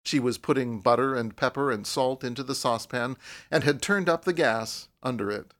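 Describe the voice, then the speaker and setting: Scripted audiobook narration comes from a man with a medium-pitched voice, who keeps his storytelling even and measured.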